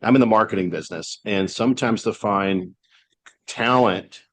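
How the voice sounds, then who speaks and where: A man's voice: on the low side, normal speed, no echo. A man hosting a podcast, asking questions in a friendly, loose way with many fillers. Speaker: podcast host. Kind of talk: casual interview.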